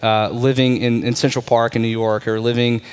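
Smooth-voiced man preaching casually. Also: medium pitch, flat delivery, moderate pace. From Texas. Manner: casual, often checks in with listeners. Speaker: pastor. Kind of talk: conversational sermon.

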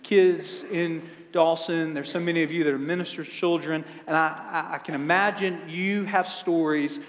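A man's voice: on the high side, steady tone, moderate pace, in a large hall. A middle-aged man preaching a sermon as pastor, telling funny family stories with stammered restarts. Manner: humorous storytelling with stammered restarts. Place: church sanctuary.

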